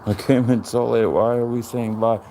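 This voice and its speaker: A middle-aged man, chatting casually on a live stream from his phone as he walks around his home and backyard. He is relaxed and chatty. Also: normal speed. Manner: relaxed and chatty, jumps to a high sing-song voice when talking to his dog. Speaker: livestream host. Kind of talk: casual live-stream chat while walking. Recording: faint outdoor noise on a phone stream.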